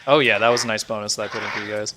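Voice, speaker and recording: A man's voice: fairly low pitch, steady tone, rapid-fire, a crowd in the background. Rambling male dungeon master. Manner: loose, rambling narration with many fillers. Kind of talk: narrating a tabletop game.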